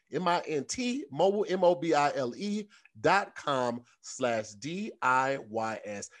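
A man co-hosting a comedy podcast, talking in an animated, slangy way and reading an ad casually. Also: mid-range voice. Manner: animated, slangy, repeats words for comic effect. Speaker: podcast co-host. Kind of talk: casual chat and host-read ad.

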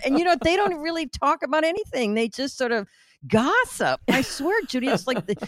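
A woman from Chicago chatting casually on a podcast, animated and teasing, talking fast. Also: high voice, dry recording, clean studio sound. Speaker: co-host, political commentator's wife. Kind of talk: casual chat.

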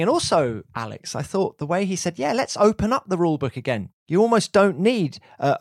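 A man co-hosting a sports podcast, upbeat and expressive, also reading an ad. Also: medium pitch, no echo, studio quality. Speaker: podcast co-host.

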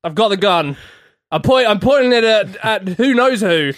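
A man co-hosts a comedy podcast in casual chat, teasing his friends with a deadpan edge. His voice sits a little high. The recording is dry and close. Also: normal speed, no room sound. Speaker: podcast co-host.

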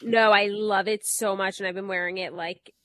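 A woman co-hosts a casual book club podcast. She talks in a relaxed way, drops in many fillers, and speaks emphatically, with her pitch in the middle of the range. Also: normal speed. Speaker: podcast co-host.

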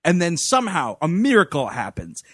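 A man co-hosting a podcast, retelling a film in an animated, profane, casual way. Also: fairly high pitch, brisk, husky, dry recording, studio quality. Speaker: podcast co-host.

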